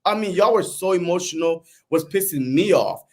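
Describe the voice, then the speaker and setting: A man co-hosting a casual sports podcast, animated and laughing, slipping into dramatic mock voices. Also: sits high, normal speed. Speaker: podcast co-host.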